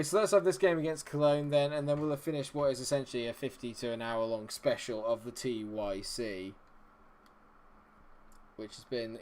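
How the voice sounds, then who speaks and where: A young man giving casual, rambling commentary while he plays a football management game, with excitable bursts. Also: medium pitch, slight background noise. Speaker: gaming video host.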